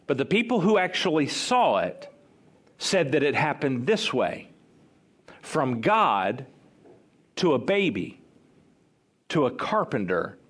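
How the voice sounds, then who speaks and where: A male pastor delivers a sermon in a chatty storytelling way, acting out the lines he quotes. His voice sits a little high and swings widely in pitch. He pushes some words out slowly and rushes through others. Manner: conversational, animated storytelling with acted-out quotes.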